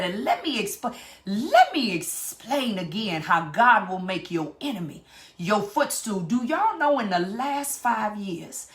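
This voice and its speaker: A woman's voice: mid-range voice, sharp tone. A middle-aged woman, giving an impassioned motivational talk straight to her viewers. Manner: fired-up preachy, talks straight to viewers. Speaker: vlogger.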